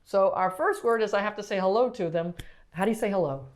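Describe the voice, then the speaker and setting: A woman's voice: medium pitch, quick pace. A woman pediatric therapist talks through a casual lesson, stopping often to ask questions. She hesitates and restarts her sentences, filling the gaps with ums. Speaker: pediatric physical therapist teaching.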